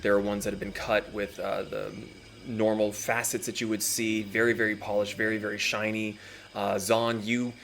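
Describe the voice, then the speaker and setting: A man's voice: fairly low pitch, flat delivery, moderate pace, fairly bright tone, slight background noise. A man narrating a tabletop game as dungeon master, describing scenes at an easy pace with many fillers.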